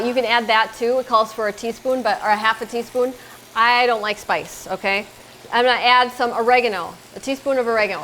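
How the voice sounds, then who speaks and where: A woman's voice: a little high, bright, forceful tone, a little hiss or hum, low-quality recording. Chatty middle-aged woman cooking at home. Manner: chatty, explains each step while talking to her son. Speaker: cooking show host. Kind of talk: casual cooking demonstration. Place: home kitchen.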